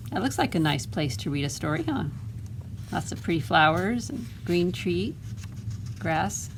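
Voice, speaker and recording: A woman librarian reading a picture book aloud to children, gently stopping to ask them questions. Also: fairly low pitch, a little hiss or hum, low-quality recording.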